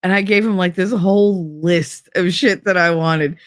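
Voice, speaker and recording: A woman's voice: fairly low pitch, fairly even intonation, moderate pace, dry recording, studio quality. A woman casually telling a candid, profane personal story, acting out both sides of the conversation. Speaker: stream host.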